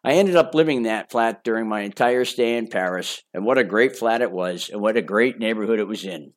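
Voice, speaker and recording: A man's voice: on the low side, a little fast. An older man reading his own memoir as an audiobook, in a casual, chatty and boastful storytelling manner. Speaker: memoir author.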